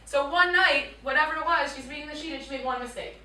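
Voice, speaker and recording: A woman in her thirties, a teacher telling a lively personal story to a school audience, acting out voices and dropping to quiet tones. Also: sits high, quick pace. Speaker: teacher speaking to students. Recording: echoey room picked up from far off.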